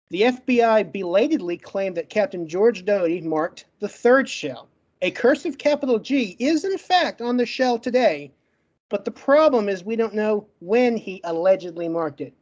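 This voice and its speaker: A man with a stutter giving a brisk, emphatic closing argument as a guest in an online debate, listing facts one after another. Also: high voice, darkish tone, highs cut off. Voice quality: stutters, gets stuck on words.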